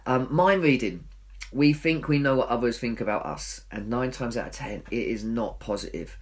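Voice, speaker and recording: A man's voice: mid-range voice, moderate pace. A man giving a recorded church talk. He speaks earnestly and pokes fun at himself, acting out his own inner voice.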